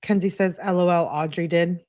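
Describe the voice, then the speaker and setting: A woman's voice: fairly low pitch, steady tone, moderate pace, mellow. A woman hosting a true crime channel, reading text messages aloud in an easygoing way and chatting to her viewers between them.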